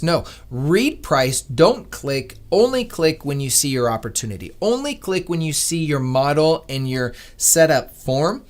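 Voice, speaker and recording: A man hosting a live trading stream, talking to viewers in an earnest, animated, motivational way. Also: on the high side, normal speed. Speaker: day-trading livestream host. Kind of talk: casual livestream talk.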